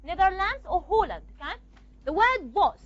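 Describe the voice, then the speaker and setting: A woman teaching a class in a very high, lively voice that rises and falls a great deal. She explains patiently and step by step, checking in with short questions. The recording is dull and lo-fi. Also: normal speed. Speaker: language teacher. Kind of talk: classroom lecture.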